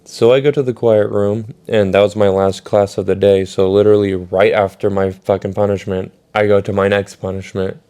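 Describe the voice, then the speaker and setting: A young man telling a casual storytime vlog, swearing a lot and acting out quotes loudly. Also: on the low side, clean tone. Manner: animated, swearing, acts out quotes in raised voice.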